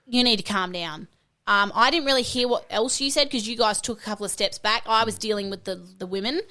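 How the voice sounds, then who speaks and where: A woman, co-hosting a podcast and telling a travel story in casual chat, animated and swearing freely. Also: a little high, fast. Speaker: podcast co-host.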